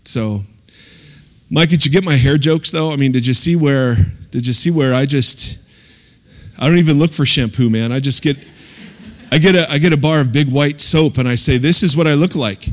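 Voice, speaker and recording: A man's voice: mid-range voice, normal speed. A man joking casually before handing over with a short prayer. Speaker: speaker closing with a prayer. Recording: long reverb in a large hall.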